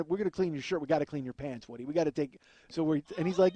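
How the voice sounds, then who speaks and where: A man's voice: on the high side, quick pace, warm tone, no room sound. A man telling a rambling, profane comic story as a podcast host, often laughing at his own tale. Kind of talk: comedic storytelling.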